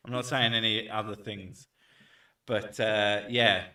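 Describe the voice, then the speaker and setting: Bright-voiced man, joking in an echoey room. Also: fairly low pitch, steady tone, takes it slowly. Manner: joking, playful, swears, loud outbursts. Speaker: streamer host. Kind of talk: casual chat. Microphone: desk mic set back from him. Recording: echoey room, far from mic.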